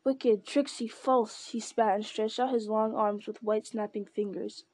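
Warm-voiced woman narrating a story. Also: medium pitch, level tone, normal speed, no echo. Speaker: audiobook narrator. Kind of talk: scripted narration.

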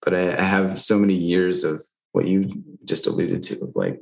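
A man's voice: sits low, little pitch movement, normal speed, gravelly, few pauses. A man talking candidly in casual conversation, loose and frank, with lots of fillers and the odd swear.

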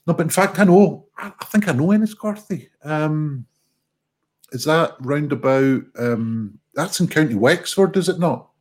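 A man's voice: a little high, animated, measured pace. A man, co-hosting a livestream, chatting casually with jokey, sweary, rambling banter. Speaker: livestream co-host. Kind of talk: casual stream chat.

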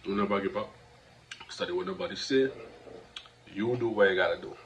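A man's voice: fairly low pitch, big pitch swings, fairly quick. A man with a Trinidadian accent, hosting his own podcast and giving a motivational talk, preachy and repetitive, often asking "you understand?". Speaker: podcast host. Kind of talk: motivational monologue. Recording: dull lo-fi recording with faint noise.

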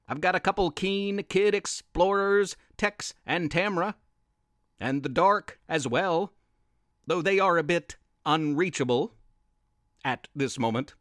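A man narrating a children's story as the show's host, in an animated, expressive way. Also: high voice, takes it slowly, no echo, clean studio sound. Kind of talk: scripted kids' story narration.

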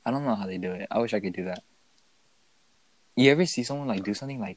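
A man's voice: fairly low pitch, fast, rough recording. A young man hosting a casual podcast chat, loose and joking, full of slang. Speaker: podcast host.

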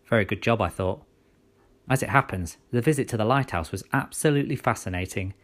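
A man narrating a children's story in the first person, with steady storytelling delivery. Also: lowish voice, fairly quick.

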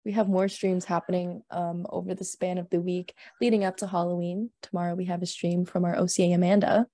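A woman's voice: lowish voice, level tone, fairly quick, dark tone, no echo. A young woman hosting a casual livestream, chatting and reading scary stories aloud with frequent giggles. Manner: giggly, chatty, reads with laughs. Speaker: stream host.

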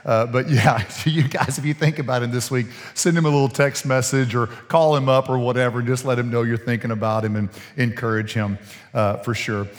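A man's voice: mid-range voice, steady tone, a little fast, big-room sound. A man preaching as pastor, in a casual, folksy way full of restarts, chuckles and asides to the congregation. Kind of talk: sermon. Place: church sanctuary.

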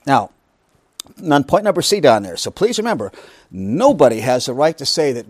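Animated preacher man with lively pitch. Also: brisk, slightly rough. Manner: emphatic, with rhetorical questions and joking asides. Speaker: pastor teaching a Bible study. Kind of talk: sermon.

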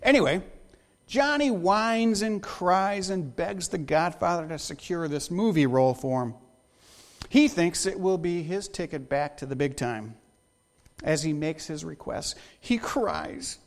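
A male pastor gives a sermon in a voice pitched high for a man. He moves between quiet prayer and lively, joking stories. His delivery is animated and full of wry asides. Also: a little slow, creaky.

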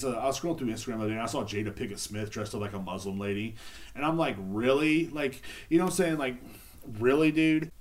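A man's voice: medium pitch, darkish tone. A young man, ranting casually and profanely on his own podcast, rambling with many restarts. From Texas. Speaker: podcast host. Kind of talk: casual solo rant.

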